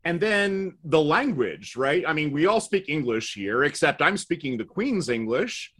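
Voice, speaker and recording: A middle-aged man on a podcast, telling stories from his own life in a relaxed, wry voice. He makes fun of himself and shrugs off the hard parts with dry humor. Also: a little high, a little slow, breathy edge. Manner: wry, self-deprecating storyteller. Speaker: podcast guest. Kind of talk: casual conversational storytelling.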